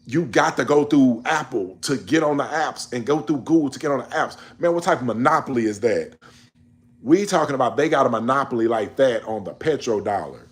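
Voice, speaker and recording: A man's voice: medium pitch, animated, brisk. A man in a casual monologue on world events, emphatic and preachy, scolding his listeners in slangy speech. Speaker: commentator.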